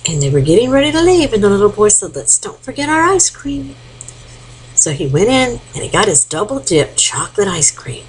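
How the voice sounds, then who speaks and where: An older woman telling a folk tale to her grandchildren, animated and often sinking into a hushed whisper. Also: medium pitch, brisk, hardly any pauses, a little hiss or hum, rough recording. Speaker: grandmother storyteller.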